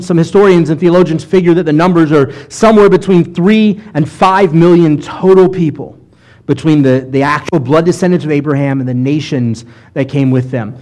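Animated preaching man, slightly high voice. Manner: animated preaching, bursts of loud emphasis in quoted lines. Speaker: rabbi. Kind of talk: sermon.

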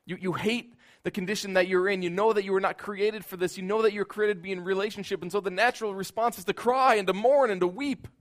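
A man preaching a sermon in an earnest voice, building at times into loud, emphatic outbursts. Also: high-pitched, fairly even intonation, fast talker, few pauses.

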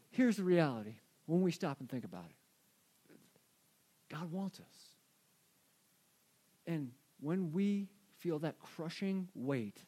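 Pastor, middle-aged man, high voice, chatty sermon delivery full of rhetorical questions and sudden quiet moments. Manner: conversational preaching, rhetorical questions, drops to a hush for emphasis.

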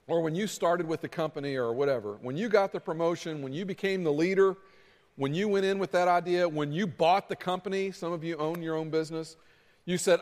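A male pastor preaching a sermon as relaxed, lively storytelling with acted asides. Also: on the high side, a little fast, big-room sound.

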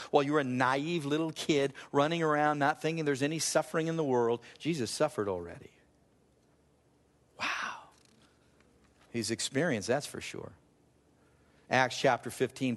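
Male pastor preaching, gets loud and high when he pushes a point, big echoey church hall. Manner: animated preacher, voice climbing high for emphasis, laughs at himself. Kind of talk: sermon. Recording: long reverb of a large hall.

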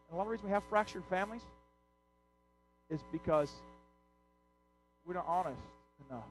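A man preaching a sermon as pastor, impassioned, swelling loud and dropping soft. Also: high voice, poor audio.

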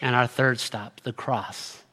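A man preaching a sermon, reading scripture aloud and swinging from loud, rising exhortation to a hushed, slow close. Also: medium pitch, fairly even intonation. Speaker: pastor.

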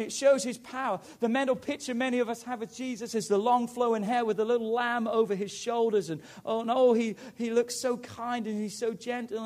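Pastor, male, high-pitched voice, emphatic sermon delivery. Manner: emphatic, building to loud preaching.

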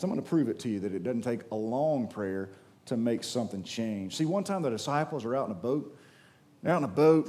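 A young man preaching a sermon in an animated, conversational way, acting out the voices of the people in his stories. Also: a little high. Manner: animated, conversational, acts out quotes.

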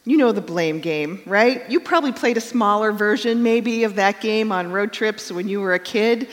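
A woman's voice: mid-range voice, moderate pace, big-room sound. A woman pastor giving a conversational sermon and telling stories with acted quotes.

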